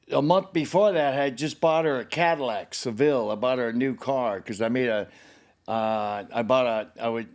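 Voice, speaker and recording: Talking with his son, the host, an older man recounts a personal story in a gravelly, mid-range voice. He rambles and swears freely, growing emotional as he acts out the people involved.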